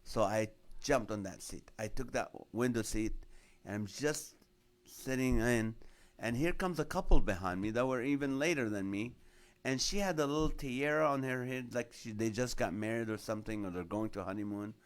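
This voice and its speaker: A man's voice: medium pitch, normal speed. A middle-aged man, a comedian hosting his own show, telling a personal story with a faith message and acting out the voices of the people in it. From Middle Eastern background. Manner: animated storyteller acting out dialogue.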